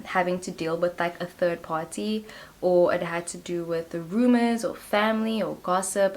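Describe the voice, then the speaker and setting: A woman reading tarot cards for her viewers in a chatty, giggly way, peppering her talk with 'like'. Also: lowish voice. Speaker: tarot reader. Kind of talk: casual pick-a-card tarot reading.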